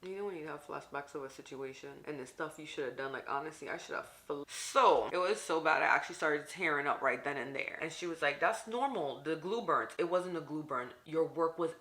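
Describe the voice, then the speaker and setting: A woman's voice: sits low, fairly quick, few pauses, fairly bright tone. A young woman vlogger telling an indignant story-time vent while getting ready, acting out quotes. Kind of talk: venting story time while doing makeup.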